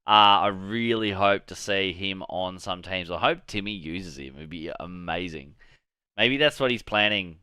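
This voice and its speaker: A man hosts a gaming channel in a slightly low, bright voice. He rambles with excitement over new game details. The sound is crisp and dry. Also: a little slow, no room sound. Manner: excitable, rambling, swears casually. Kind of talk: casual commentary on a game reveal.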